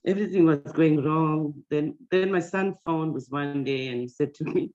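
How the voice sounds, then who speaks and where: A woman's voice: low-pitched, moderate pace, darkish tone. A woman tells a long personal story over a video call, wandering through it with constant fillers and restarts. Her voice comes through dull and lo-fi, the typical muffled sound of call audio. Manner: rambling, with many fillers and restarts. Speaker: meeting participant.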